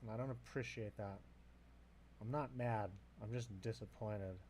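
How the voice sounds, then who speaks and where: A man's voice: lowish voice, steady tone, measured pace, darkish tone, slight background noise. A man giving casual, rambling gameplay commentary at his home desk, swearing freely and chatting to his dog. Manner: rambling, profane, talks to himself and his dog. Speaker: gameplay video creator.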